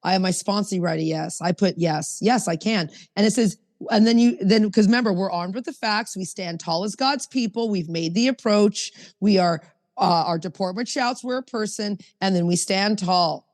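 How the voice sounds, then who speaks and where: A woman's voice: medium pitch, normal speed, a little mellow, big-room sound. A woman hosting a recovery podcast, speaking emphatically and reading passages aloud from a book. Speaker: podcast host.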